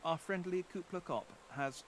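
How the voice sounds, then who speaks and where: A man's voice: high voice, moderate pace, slight background noise, voice pushed up, close to an everyday voice. Stern, formal elder woman leader, read by a man. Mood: stately. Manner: formal, archaic, commanding.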